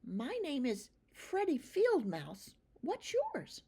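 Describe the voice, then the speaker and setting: A woman voicing a shy, homeless boy field mouse in a children's storybook reading, quiet and stammering. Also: sits high, wildly swooping pitch, takes it slowly, voice pushed up, heavily acted.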